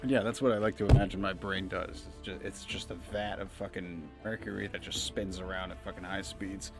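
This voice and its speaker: A man's voice: deep voice, steady tone, fairly quick, gravelly, music in the background. A young man streaming a strategy game, rambling and swearing in casual joking commentary, laughing often. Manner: rambling, profane, joking asides.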